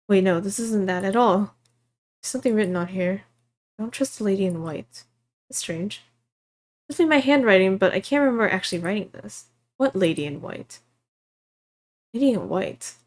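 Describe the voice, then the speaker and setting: A woman voicing a bitter, suspicious old woman in a visual novel, sharp-tongued and quick to curse. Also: medium pitch, lightly acted. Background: game music.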